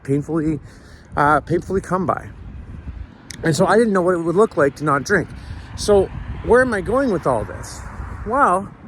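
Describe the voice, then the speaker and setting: A man's voice: a little high, a little hiss or hum. A man talking through a casual walking vlog outdoors in the morning, reflective and rambling, with many restarts and "right?" tags. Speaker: sober vlogger. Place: outdoors on a city street at sunrise.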